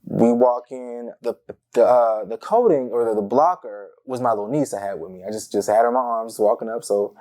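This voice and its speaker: A young man from Tampa, Florida, shares personal stories casually as an interview guest, animatedly acting out the voices of the people involved. His voice is mid-range and his delivery brisk.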